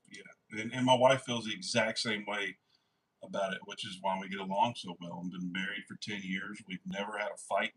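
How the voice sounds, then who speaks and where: A man's voice: fairly low pitch, husky, poor audio. A man hosting a live stream from his workshop, chatting casually and rambling easily with viewers. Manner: easygoing, rambling, warm toward family.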